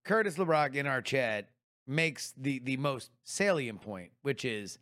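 A man's voice: mid-range voice, expressive, measured pace, a bit bright. Blunt man teasing his co-host. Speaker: podcast co-host. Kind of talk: casual chat.

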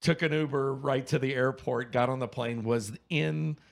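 A man in his fifties from Louisiana, telling a story in casual chat, animated, laughing and swearing freely. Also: mid-range voice, moderate pace, creaky. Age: 50s.

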